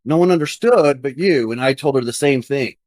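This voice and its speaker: A man's voice: medium pitch, fairly quick, darkish tone, no room sound. A man in his thirties, a podcast guest, earnestly telling a personal story in conversation and acting out his own past thoughts.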